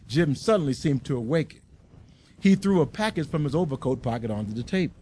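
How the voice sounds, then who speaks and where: A man reading a story aloud and turning it into a sermon, slow and deliberate with emphasis. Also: fairly high pitch, expressive, warm tone, slight background noise. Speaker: preacher.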